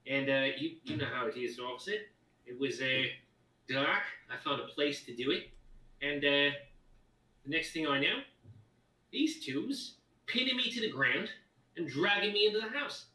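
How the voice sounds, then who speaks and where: A man voicing a shifty male halfling prisoner who pleads and protests in a high, whining voice. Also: animated, moderate pace, long pauses, sharp tone. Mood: wheedling. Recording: echoey room, voice far from mic.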